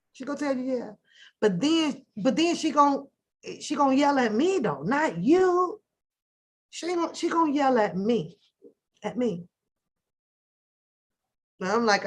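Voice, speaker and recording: A middle-aged woman, hosting a live talk stream and telling a loud, profane, animated story with lots of laughter. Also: sits high, measured pace. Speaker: host of a live panel talk show.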